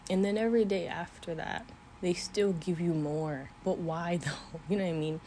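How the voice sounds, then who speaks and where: Low-voiced young woman, earnest and tearful. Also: normal speed, dark tone, slight background noise. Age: 20s. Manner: earnest, tearful at times, with small laughs. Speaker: vlogger. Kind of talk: emotional faith talk to camera. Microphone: camera mic.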